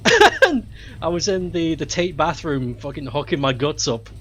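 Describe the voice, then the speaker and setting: A man's voice: on the high side, very animated, measured pace, fairly bright tone, slight background noise. A man giving loose, profane live commentary while playing a video game, often laughing and talking back to the game. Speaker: game streamer.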